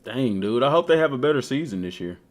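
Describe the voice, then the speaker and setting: This man streams games, chatting casually and trash-talking in slangy, animated fashion while browsing a game. He has a medium-pitched voice and a quick pace.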